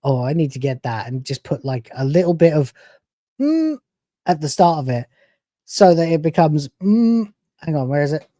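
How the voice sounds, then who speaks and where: A woman's voice: extremely low pitch, fast talker, warm tone, no room sound, studio quality. A woman hosting a reaction channel, giving sarcastic, profane, mocking commentary over clips.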